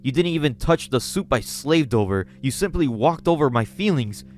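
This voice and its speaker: A man's voice: mid-range voice, animated, normal speed, lightly acted. Brief: creepy obsessive gothic girl, sugary menace, a man reading her lines, faint music under. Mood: accusing. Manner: sweetly menacing, scolding.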